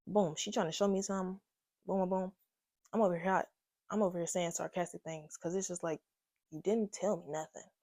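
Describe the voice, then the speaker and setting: A young woman telling a casual storytime to her viewers, animated and slangy, talking straight to the camera. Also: lowish voice, a little fast, no echo, clean studio sound. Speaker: vlogger. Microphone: own microphone.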